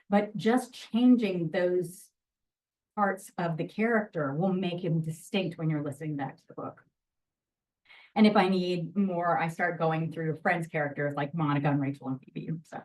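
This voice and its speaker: A woman narrator talks to a room about her craft in a lively, chatty way, her voice sitting a little low. She is picked up from a distance, so the sound is somewhat removed. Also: normal speed. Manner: lively, chatty, jumps into voice demos. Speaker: audiobook narrator. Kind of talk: presentation to an audience.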